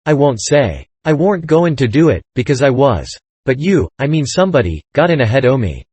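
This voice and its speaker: A man's voice: mid-range voice, very animated, moderate pace, a little mellow, slightly rough, no echo. A man reading aloud, voicing a sly, sarcastic old male con-man king who wheedles. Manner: sarcastic, then pleading.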